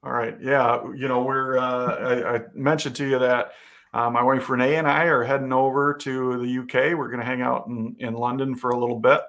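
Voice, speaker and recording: Man, host, casual chat, gravelly voice, easygoing, laughs a lot. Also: mid-range voice, level tone, moderate pace, a bit bright. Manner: easygoing, laughs often, frequent restarts.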